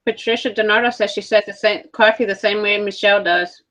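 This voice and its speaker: A woman handles the comments on a livestream, passing along viewer requests in a brisk, casual way. She keeps it short and matter-of-fact. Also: medium pitch, fairly even intonation, fairly bright tone, rough recording. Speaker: comment moderator. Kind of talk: casual chat.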